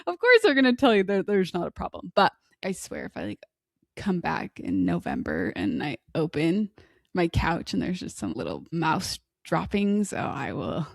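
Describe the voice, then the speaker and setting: A chatty woman in her thirties spins long, rambling stories as a podcast co-host. Her voice carries a gravelly fry, and the sound is close and dry with no room echo. She keeps a casual, talkative pace. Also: lowish voice, sing-song, moderate pace. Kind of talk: casual chat.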